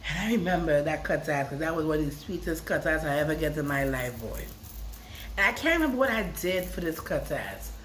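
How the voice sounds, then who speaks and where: A woman vlogger talking casually and emotionally, rambling, repeating words and swinging between soft and loud. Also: sits low, lively intonation, a little fast, a little hiss or hum. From Brooklyn. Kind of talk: casual emotional vlog talk.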